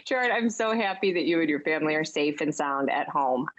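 A woman with a somewhat low voice co-hosting a podcast. She talks in a friendly, easygoing way and laughs often. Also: lively intonation, fairly quick, dull audio. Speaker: podcast co-host. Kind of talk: casual chat.

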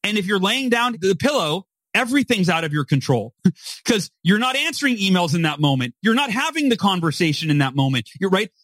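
High-voiced, emphatic man explaining. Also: very animated, brisk, a bit bright, no echo. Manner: emphatic, repetitive "right?" tag questions. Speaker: guest author. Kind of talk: podcast interview, motivational explaining.

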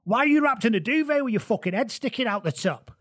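Mouthy, sweary club boss with swagger, voice pushed high, as a man does him. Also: animated, fast. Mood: brash.

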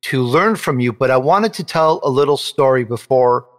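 An animated male show host tells a personal story during an interview, his pitch jumping up whenever he quotes someone. He talks at a moderate pace, and the sound has a big-room quality.

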